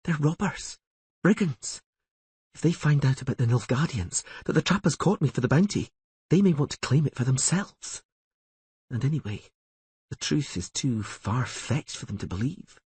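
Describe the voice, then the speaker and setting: A man voicing a frightened young girl thinking to herself in a hushed, anxious way. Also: medium pitch, expressive, normal speed, husky, dry recording, voice pushed up. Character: frightened young girl, desperate inner thoughts.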